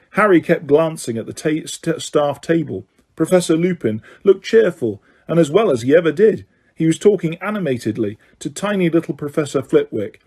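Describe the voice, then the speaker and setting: A man narrates a novel in an audiobook. His voice is somewhat high for a man. He reads at a steady pace and now and then trips over a word. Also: breathy edge. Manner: steady reading, occasional slips. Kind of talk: scripted narration.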